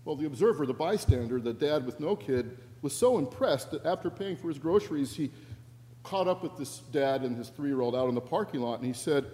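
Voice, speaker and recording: A man preaching as a pastor, telling a story in a wry, conversational way, his voice softening at the ends of phrases. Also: medium pitch, fairly quick. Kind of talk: sermon storytelling. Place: church sanctuary. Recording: long church reverb.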